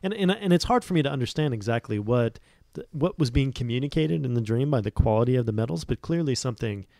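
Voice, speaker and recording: A man's voice: medium pitch, animated, quick pace, gravelly, dark tone, dry recording, clean studio sound. A man guesting on a casual scripture discussion podcast, earnest and rambling, with lots of "like"s.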